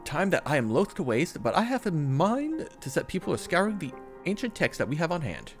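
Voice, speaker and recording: A man's voice: a little high, huge pitch swings, a little fast, faint music behind, voice pushed up. A man reading aloud as a formal, worried older male scholar, with archaic phrasing and occasional stumbles. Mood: earnest.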